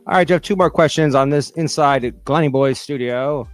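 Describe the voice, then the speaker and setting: Smooth-voiced teasing New host. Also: male voice, a little high, normal speed, faint music behind. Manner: playful, teasing, mock-formal. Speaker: podcast host. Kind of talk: casual interview.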